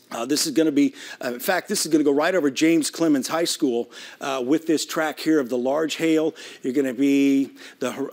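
A man giving live severe weather coverage as a TV meteorologist, talking urgently while working the radar from a weather studio. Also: fairly high pitch.

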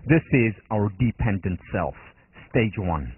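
A man's voice: lowish voice, big pitch swings, a little slow, no echo. A man with an Israeli accent gives an earnest university lecture and acts out lines in his examples. The sound is dry and narrow, like a phone line. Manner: earnest, explanatory, acts out quotes in the story.

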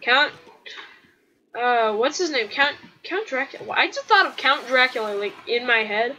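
A woman giving excitable gameplay commentary, yelling and trash-talking her opponents. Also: sits high, moderate pace, a little hiss or hum, low-quality recording.

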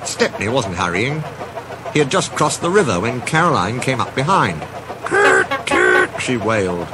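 A man narrating a children's storybook in an expressive, playful manner. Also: mid-range voice, noisy background. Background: background music.

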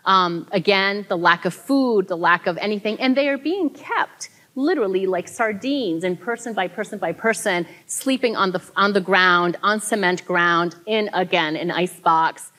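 A woman's voice: mid-range voice, normal speed, few pauses, bright, forceful tone. A woman giving a conference keynote speech, earnest and emphatic, telling people's stories with now and then a laughing aside. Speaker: keynote speaker. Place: conference hall.

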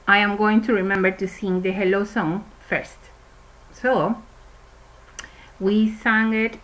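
A woman's voice: mid-range voice, steady tone, a little slow, a bit bright, rough recording. A woman teaching a craft lesson to preschool children, talking cheerfully in a simple, sing-song way.

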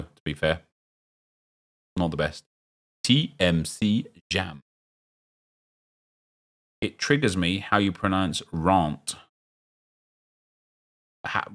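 A young man streaming a football game, chatting with viewers and reacting loudly to what he opens. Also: sits low, takes it slowly, long pauses. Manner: chatty, reads chat aloud, gets loud and excited at good pulls. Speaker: gaming streamer. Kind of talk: live stream commentary opening game packs.

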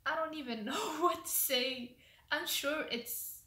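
A woman's voice: high-pitched, measured pace, bright, forceful tone. A woman hosting a reaction video, rambling casually with lots of "like" and trailing off mid-sentence. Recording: roomy echo.

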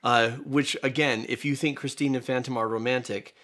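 A man's voice: medium pitch, steady tone, normal speed, fairly bright tone. A man co-hosting a film discussion as a therapist, explaining in an earnest, casual way. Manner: earnest, explanatory, laughs easily. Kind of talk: casual chat.

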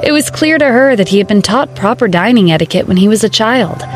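Brief: female audiobook narrator, mid-pitched, steady romance narration, faint music behind. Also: fairly quick.

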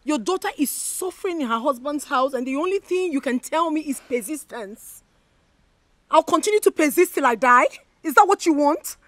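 A woman's voice: high-pitched, lively intonation, normal speed, fairly bright tone, dry recording. An actress with a Nigerian accent playing a weary young wife, emotional and pleading with her mother. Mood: upset. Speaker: unhappy wife.

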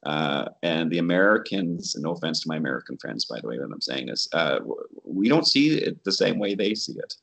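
A man's voice: a bass voice, sing-song, a little fast, gravelly, few pauses, a bit bright. A man being interviewed as a guest, musing aloud, searching for words and laughing often. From Canada. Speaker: guest, Bigfoot researcher. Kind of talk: casual interview chat.

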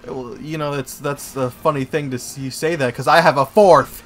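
A man playing a game with a friend, chatting casually, swearing, laughing and arguing loudly. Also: a little high, moderate pace, faint music behind. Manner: excitable, swears and laughs a lot, argues loudly. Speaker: co-op game player. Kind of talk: casual gaming banter.

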